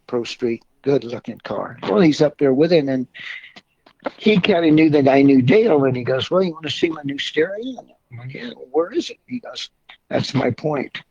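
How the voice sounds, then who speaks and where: A man's voice: a little high, vocal fry, darkish tone, breathy edge. Rambling older man telling car-club stories. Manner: rambling, folksy, with mild swearing. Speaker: car club member, guest. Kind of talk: casual anecdotal storytelling. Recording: dull lo-fi recording.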